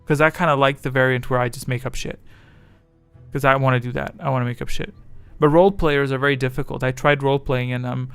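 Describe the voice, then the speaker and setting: A man's voice: medium pitch, fairly even intonation, fast talker, gravelly, fairly bright tone, clean tone, no room sound, faint music behind. A man chatting casually on his livestream, rambling and self-deprecating as his thoughts wander. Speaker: streamer.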